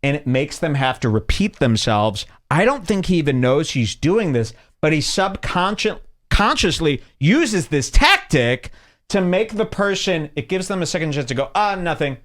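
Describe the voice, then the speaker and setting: Male podcast host, lively pitch, mocking commentary. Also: moderate pace. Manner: scornful, animated storytelling. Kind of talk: casual commentary over clips.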